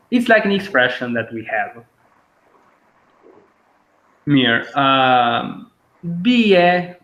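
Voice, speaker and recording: A man teaching a language lesson online, patiently explaining and repeating words slowly. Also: fairly high pitch, fairly bright tone, reverberant, lo-fi sound.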